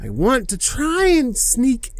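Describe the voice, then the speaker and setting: A man hosting a reaction video, chatting casually in an excitable, rambling way and laughing often. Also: very high voice, slow pace, no echo.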